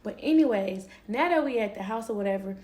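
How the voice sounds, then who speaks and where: A woman's voice: medium pitch, expressive, fairly quick, dark tone. A young woman telling a personal story in a casual, candid way, swearing and laughing easily.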